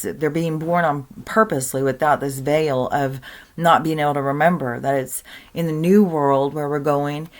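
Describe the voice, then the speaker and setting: A woman giving an earnest, rambling spiritual monologue to camera, full of fillers and restarts. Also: low voice. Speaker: spiritual content creator.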